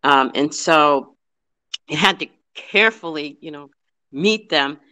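A man speaks about local history in an earnest, hurried way, with frequent ums and restarts. His voice sits fairly high and sounds bright. He talks as a guest fielding questions. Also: clear, resonant tone. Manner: earnest, fast-paced, with many fillers and restarts. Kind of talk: informal history talk with questions.

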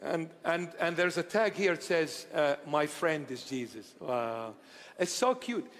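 Preacher, male, affectionate and playful, bursts out loud at times, voice higher than usual, echoing church hall. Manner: tender, playful preaching with sudden loud outbursts. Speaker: bishop. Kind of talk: sermon.

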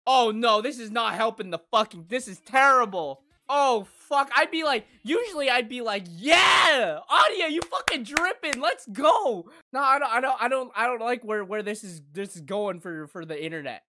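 A woman hosting an anime reaction, moving from soft cooing to loud excited squeals and swearing freely. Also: a little high, moderate pace, hardly any pauses.

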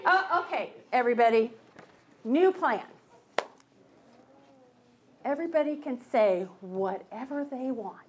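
A woman's voice: on the high side, animated, a little slow, long pauses, noisy background. A woman storyteller leading a children's storytime in a library, coaxing the group playfully with mock-puzzled restarts. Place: public library.

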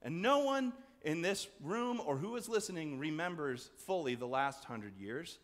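A man preaching a sermon as pastor, conversational and animated, acting out voices in the story. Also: unhurried. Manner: conversational, acts out quoted voices with big swings in pitch and loudness. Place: church sanctuary. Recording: long church reverb.

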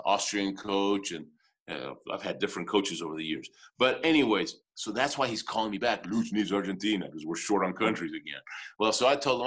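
A man in his fifties speaks with a somewhat low voice. He tells his story as a guest in an interview, in a lively way, chuckling often and breaking off to restart his sentences. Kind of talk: animated storytelling in conversation.

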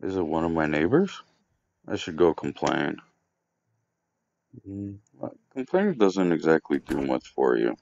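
Low-voiced, swearing let's play guy. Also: very animated, unhurried, gravelly, long pauses, a little mellow, lo-fi sound. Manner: sarcastic, swears freely. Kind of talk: casual gameplay commentary, reading dialogue aloud.

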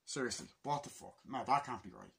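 A man's voice: medium pitch, wildly swooping pitch, a little fast, creaky, a bit bright. A man of twenty-two in a casual vlog, exasperated and swearing as he mutters to himself. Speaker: film collector vlogger.

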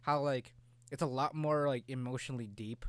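Male podcast co-host, mid pitch, teasing and rambly, laughs often. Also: steady tone, normal speed, smooth, no echo. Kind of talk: casual chat.

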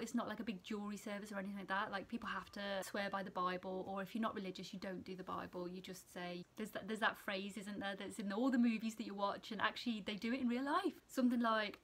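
A young woman student nurse from England, telling a story to camera in a chatty, animated way that keeps going off on tangents. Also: mid-range voice, quick pace, hardly any pauses. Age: young adult. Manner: chatty, animated, sidetracks and laughs often.

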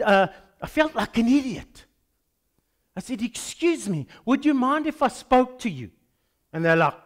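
A man with a South African accent, a pastor preaching a sermon and telling a story with acted-out dialogue. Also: sits high. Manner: animated storytelling, acts out dialogues.

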